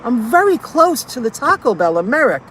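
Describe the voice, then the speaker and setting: A woman's voice: a little high, big pitch swings, normal speed, a little hiss or hum. A woman delivery driver ranting in a casual vlog, indignant and repeating herself as she vents.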